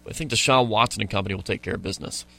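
A man co-hosting a morning sports radio show, wrapping up with a brisk sign-off in casual chat. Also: lowish voice, vocal fry, bright, forceful tone, faint music behind.

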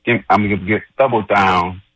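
Indignant low-voiced male caller. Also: steady tone, moderate pace, a bit bright, no echo, low-quality recording. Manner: indignant, mocking. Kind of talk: call-in rant.

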